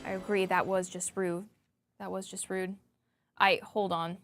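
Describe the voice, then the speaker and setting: A woman co-hosting a livestream, excitable and self-mocking as she plays a racing game and chats with her viewers. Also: medium pitch, measured pace, soft background music. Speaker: livestream co-host playing a kart racing game. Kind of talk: casual livestream banter.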